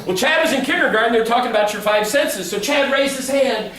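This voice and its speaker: A middle-aged man with a fairly high voice gives a joking motivational talk to a crowd. He is picked up from far off in a big echoey hall, with faint room ambience behind him. His storytelling is playful and full of acted-out quotes. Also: expressive, quick pace, a bit bright. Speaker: motivational speaker. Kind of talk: humorous keynote speech. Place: large hall before a live audience.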